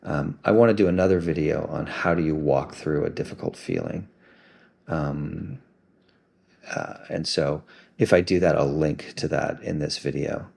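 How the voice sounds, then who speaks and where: A man gently and reflectively talking through an emotional self-help practice. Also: very deep voice, normal speed, gravelly, breathy edge.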